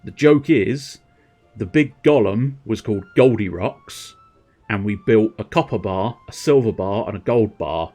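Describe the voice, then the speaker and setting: A man streaming a video game talks casually and laughs a lot. His voice is lowish and husky. Faint game music runs in the background. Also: lively intonation, unhurried, a little mellow. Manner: giggly, amused asides. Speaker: gaming streamer. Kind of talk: casual let's-play commentary.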